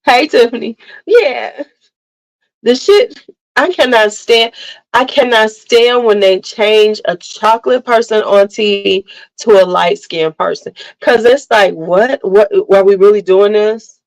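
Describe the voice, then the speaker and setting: A woman hosting a casual livestream, telling animated family stories, laughing often and greeting viewers by name. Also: medium pitch, a little slow, low-quality recording. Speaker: livestream host chatting with viewers. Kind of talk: casual chat.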